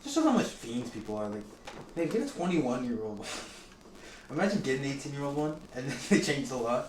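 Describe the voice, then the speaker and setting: A man's voice: mid-range voice, very animated, fairly quick. A young man co-hosting a podcast, telling rambling stories in casual chat and laughing often. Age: young adult. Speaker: podcast co-host. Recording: echoey room, distant mic, clear background noise.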